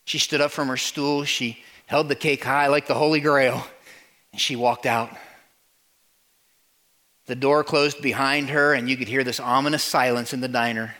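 A man preaching, telling a story, swinging from loud to hushed. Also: mid-range voice, fairly even intonation, moderate pace. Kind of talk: sermon storytelling.

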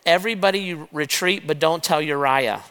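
A man preaching a sermon, retelling a scripture story in a lively way and talking straight to his listeners as "guys". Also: on the high side, brisk, clear, resonant tone. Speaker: pastor. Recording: long reverb of a large hall.

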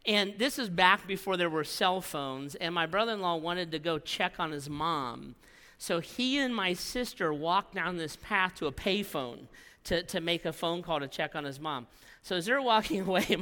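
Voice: mid-range voice, lively intonation, moderate pace, bright, forceful tone, big-room sound. A pastor preaching a sermon, telling a story with repeated phrases and frequent "right?" tags.

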